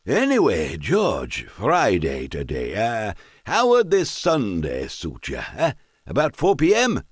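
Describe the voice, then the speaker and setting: A man's voice: lowish voice, wildly swooping pitch, slow, breathy edge, no echo, studio quality, full character voice. A man voicing a merry, drunken country squire who slurs and rambles jovially in a raised voice. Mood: tipsy jovial. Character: merry drunk middle-aged Scottish squire.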